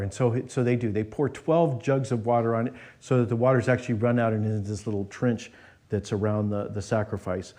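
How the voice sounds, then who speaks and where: Male pastor giving a sermon in church, warm mellow voice, loose and chatty, lots of um and restarts. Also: medium pitch. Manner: conversational, many restarts and fillers.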